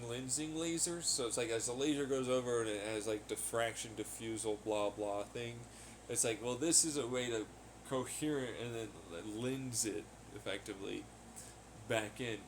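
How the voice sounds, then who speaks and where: A man hosting a podcast in a rambling, casual monologue, swearing freely, laughing often and getting loud when excited. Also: medium pitch, normal speed, slight background noise. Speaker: podcast host. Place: at home on laundry day.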